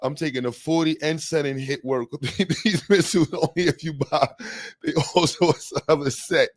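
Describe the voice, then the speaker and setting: A young man hosting a livestream panel, talking in slang, animated and joking, reading the chat aloud. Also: a little high, moderate pace, dry recording. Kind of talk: casual livestream talk. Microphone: streaming mic.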